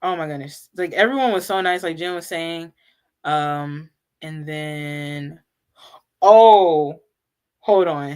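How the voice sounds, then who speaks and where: A woman chatting casually as co-host, telling an animated story with lots of "like" and frequent laughter. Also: low-pitched, takes it slowly, smooth. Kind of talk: casual fan chat.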